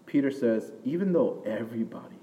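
A man preaching a sermon in a conversational way, often checking in with the audience with a quick "right?". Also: mid-range voice, animated, narrow, tinny audio. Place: church hall with an audience. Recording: distant mic in a reverberant hall.

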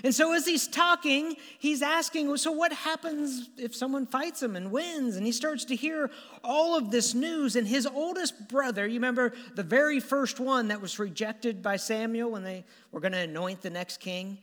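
A man preaching a sermon as animated, conversational storytelling with stammered restarts, in a church hall. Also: very high-pitched, moderate pace. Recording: long hall reverb.

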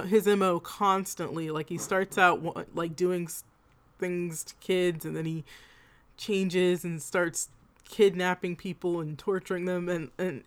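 A woman co-hosting a podcast, chatting casually about films, swearing and laughing mid-sentence. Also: on the low side. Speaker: podcast co-host. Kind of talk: casual chat.

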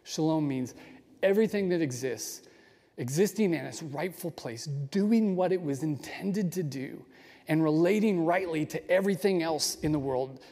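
A man preaches with earnest, nerdy enthusiasm, often circling back to restart a phrase. His voice sits a little high but has a mellow tone. The sound carries a long reverb, like a large sanctuary. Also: moderate pace. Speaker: pastor. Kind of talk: sermon.

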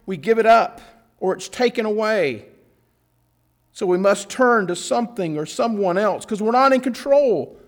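High-voiced male pastor preaching earnestly. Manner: earnest, with drawn-out emphasis and repeated phrases; informal asides with a self-correcting laugh. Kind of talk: sermon.

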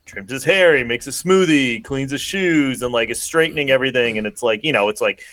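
A man's voice: medium pitch, brisk, fairly bright tone. A man hosting a casual podcast chat who recaps a movie in a rambling way, full of fillers. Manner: rambling, filler-heavy summarizing. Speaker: podcast host.

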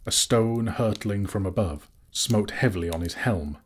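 A man reading a fantasy novel aloud as an audiobook narrator, in measured, steady storytelling. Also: on the low side. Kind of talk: scripted narration.

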